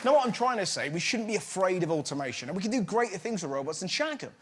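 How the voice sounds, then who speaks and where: A man's voice: high-pitched, sing-song, fast talker. A British man doing stand-up comedy as host, brash and mocking, before a live studio audience. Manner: brash, mocking, puts on silly voices. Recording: loud crowd and room noise.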